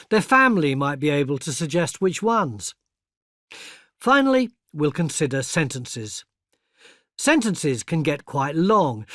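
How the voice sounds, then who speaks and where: An older man narrating a scripted educational video, explaining patiently and clearly and speaking example phrases kindly. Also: on the high side, no room sound, studio quality. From England. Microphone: close studio mic.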